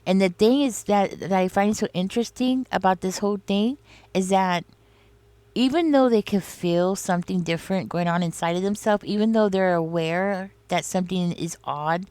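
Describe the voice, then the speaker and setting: Speaking at a normal speed in a mid-range, slightly mellow voice, a woman does a casual tarot reading with no room sound. She rambles in a confiding way, talking right to the listener and dropping in lots of "you know" and "like."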